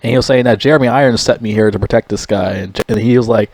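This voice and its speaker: A man's voice: fairly low pitch, quick pace, hardly any pauses, darkish tone, no room sound. A young man giving a casual movie review, rambling, blunt and full of swearing. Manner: rambling, heavily profane, blunt.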